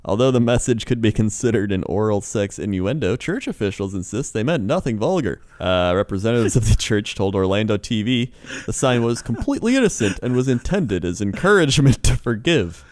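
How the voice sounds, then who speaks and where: A man's voice: lowish voice, expressive, fairly quick, darkish tone, no echo, clean studio sound. A man co-hosting a comedy podcast, reading news stories aloud and laughing between them. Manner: laughs often, reads stories aloud with asides. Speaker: podcast co-host.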